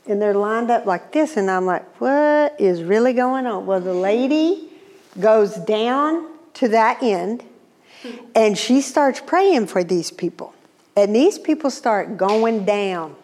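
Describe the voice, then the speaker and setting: A woman telling a personal testimony in an animated, exclamatory, humorous way. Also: mid-range voice, slow. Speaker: speaker. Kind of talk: testimony storytelling.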